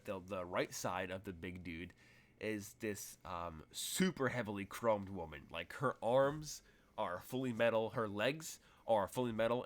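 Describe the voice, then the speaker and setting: A man narrating as game master in a tabletop role-playing game, rambling through vivid, detailed scene descriptions. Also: on the low side.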